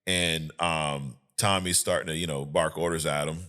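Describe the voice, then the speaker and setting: A man in a casual podcast chat, swearing freely and retelling movie scenes with lively energy. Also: extremely low pitch, moderate pace. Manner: profane, animated storyteller who acts out scenes. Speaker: podcast co-host.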